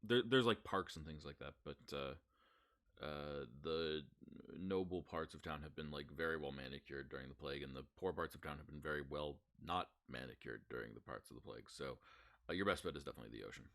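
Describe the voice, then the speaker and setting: A man running a tabletop game as game master, talking in a relaxed, rambling way with plenty of fillers. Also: a bass voice, a little fast, creaky.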